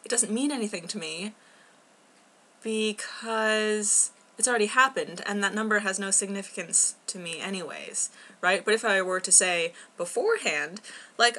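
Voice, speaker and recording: Bright-voiced young woman rambling with ums. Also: mid-range voice, moderate pace. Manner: rambling, scattered, many ums. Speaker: book club vlogger. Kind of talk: casual video blog chat. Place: at home.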